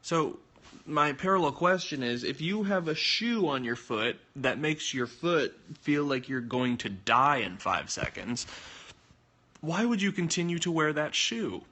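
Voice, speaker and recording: A young man chatting casually on a phone livestream, answering viewer comments with jokes and sudden jumps in pitch. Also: expressive, measured pace, pushed and bright.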